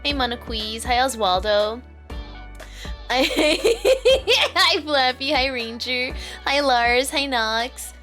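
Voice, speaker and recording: A woman's voice: high voice, lively intonation, slow, a bit bright, soft background music. A young woman in her twenties streaming live and chatting casually with her viewers, playful, goofy and giggly, swearing freely. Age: 20s.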